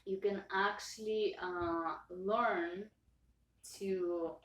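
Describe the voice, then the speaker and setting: A woman speaking English with an accent, earnestly thanking her viewers, halting and emotional with many restarts. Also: medium pitch, fairly even intonation, a little hiss or hum. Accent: non-native English accent. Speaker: channel owner. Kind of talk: personal thank-you talk to viewers. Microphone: own camera. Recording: roomy echo, voice far from mic.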